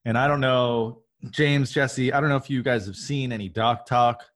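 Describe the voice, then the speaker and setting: Guy hosting a podcast, rambly, keeps restarting, chuckles a lot, mid pitched. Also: fairly even intonation, normal speed, fairly bright tone. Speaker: podcast host. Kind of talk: casual chat.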